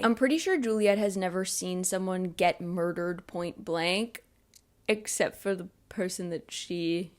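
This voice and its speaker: A young woman hosting a book channel, recapping a novel in a casual, playful way with sarcastic asides. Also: medium pitch.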